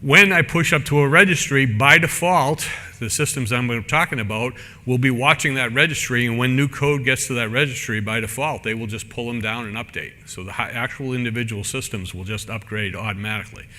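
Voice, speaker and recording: A man's voice: mid-range voice, a little fast, few pauses, bright, forceful tone, long reverb tail. A man giving a technical conference talk in a casual, rambling way, full of fillers and restarts. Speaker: conference speaker. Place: conference room.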